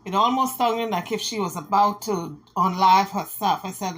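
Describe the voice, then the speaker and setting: A woman's voice: medium pitch, animated, unhurried, few pauses, fairly bright tone, rough recording. A woman vlogger giving casual gossip commentary, dramatic and playful, with sassy asides.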